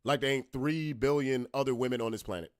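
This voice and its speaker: A man hosting a casual podcast, talking bluntly and with swearing, moving between calm talk and loud, heated ranting. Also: medium pitch, fairly quick, no room sound, studio quality. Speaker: podcast host.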